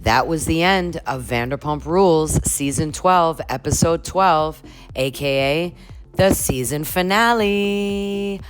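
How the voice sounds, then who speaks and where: A woman's voice: deep voice, takes it slowly, faint music behind. A woman hosting a comedic reaction video, joking playfully as she narrates. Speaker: host.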